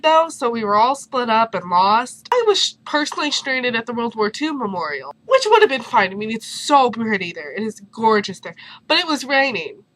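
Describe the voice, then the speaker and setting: A young woman whose voice is going hoarse tells stories from her life in a bubbly, animated vlog. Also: a little high, rough recording. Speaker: vlogger. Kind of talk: casual storytelling vlog.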